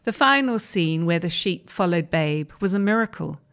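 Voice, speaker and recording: A woman hosting a program, reading a first-person interview article aloud in a measured storytelling manner. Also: fairly low pitch, lively intonation, fairly bright tone.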